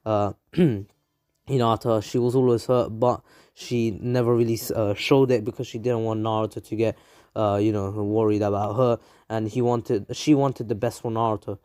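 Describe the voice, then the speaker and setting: A man's voice: lowish voice, flat delivery, normal speed, a little mellow, clean tone, dry recording, clean studio sound. A man casually narrating a fan story, rambling with many fillers and restarts.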